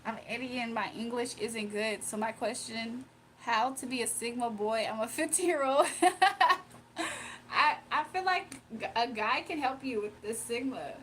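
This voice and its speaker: A young woman from Virginia hosting a casual livestream, reading comments aloud, emotional and quick to laugh. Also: fairly high pitch, fairly bright tone, slight background noise. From Virginia, USA. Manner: emotional, giggly, talks to chat. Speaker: livestream host.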